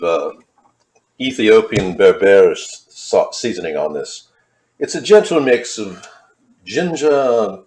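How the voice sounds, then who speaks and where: A man cooking in a home kitchen, rambling playfully with mock-posh asides as he demonstrates a recipe. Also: mid-range voice. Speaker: home cook vlogger.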